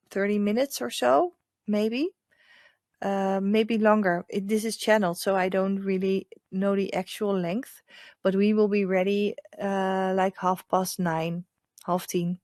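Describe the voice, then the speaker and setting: A woman with a Dutch accent, a hypnotherapist guiding a group through a calm, slow meditation. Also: no room sound, clean studio sound. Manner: soft, lowered hypnotic voice in the guided part; chatty, warm welcoming with many fillers. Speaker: hypnotherapist leading a group session. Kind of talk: casual chat, then slow guided meditation.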